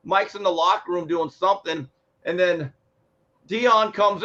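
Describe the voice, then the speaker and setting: A man on a sports talk show, telling stories and acting out quotes with lively energy. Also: high-pitched, moderate pace. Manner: animated storyteller acting out quotes. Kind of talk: casual sports talk, storytelling. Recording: muffled lo-fi sound.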